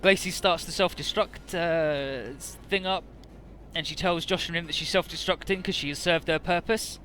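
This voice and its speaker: A man's voice: a little high, normal speed, sharp tone, a little hiss or hum. A man casually recapping a game story as a let's play host, irreverent, swearing, with many fillers.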